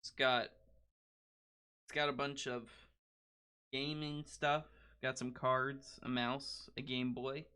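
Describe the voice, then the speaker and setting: A teenage boy hosting a podcast, chatting casually and rambling with quick laughs. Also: mid-range voice, flat delivery, bright, forceful tone, clear, resonant tone, no room sound, studio quality. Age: teens. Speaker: podcast host. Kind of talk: casual chat.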